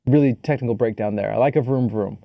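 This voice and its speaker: A man's voice: medium pitch, quick pace, creaky, no echo, highs cut off. A man co-hosting a film podcast in casual chat, joking playfully and using crude slang. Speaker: podcast co-host. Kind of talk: casual chat about films. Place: studio filmed with two cameras.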